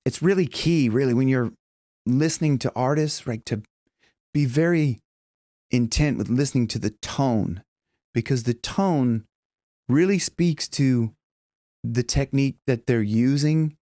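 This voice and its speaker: A man's voice: mid-range voice, mellow, no room sound, clean studio sound. A man working as a vocal coach, explaining singing technique in a loose way with many restarts and audible breaths. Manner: loose, demonstrating, breathy gasps between points; talks in halting restarts.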